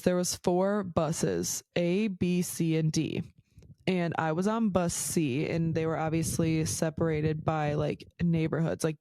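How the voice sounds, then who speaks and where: A woman's voice: low voice, mellow, no room sound. A woman hosting her own podcast, telling stories casually, full of "like" and swearing. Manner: chatty, swears a lot, says "like" constantly. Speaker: podcast host. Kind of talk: casual storytelling.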